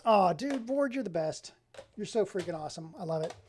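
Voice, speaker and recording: A man streaming live from his home office, chatting excitedly with viewers and exclaiming often. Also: sits high, brisk, noisy background. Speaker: streamer showing his game collection. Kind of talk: casual live-stream chat.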